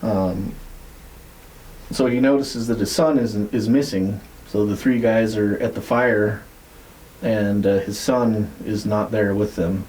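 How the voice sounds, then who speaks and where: A man on a podcast telling a story in a casual, rambling way, swearing freely and filling pauses with "like" and "uh". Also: lowish voice, steady tone, darkish tone, slight background noise, low-quality recording. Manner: rambling, profane, many fillers. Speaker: podcast co-host.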